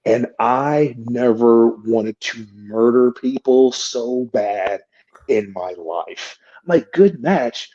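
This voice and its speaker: Heard through a muffled recording, a wrestler on a podcast tells a heavily profane, animated story, performing each quote. He speaks slowly in a mid-range voice.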